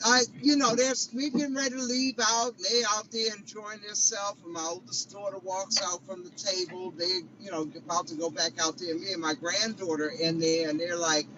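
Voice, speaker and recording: A woman's voice: lowish voice, steady tone, normal speed, hardly any pauses. A middle-aged woman calling in from her car, retelling events dramatically and emotionally. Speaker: caller. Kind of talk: casual storytelling on a call. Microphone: phone call. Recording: muffled distant call with crowd noise.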